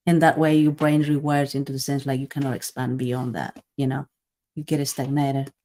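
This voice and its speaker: Deep-voiced woman musing on a podcast. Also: flat delivery, moderate pace, warm tone. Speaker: podcast host. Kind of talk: casual chat.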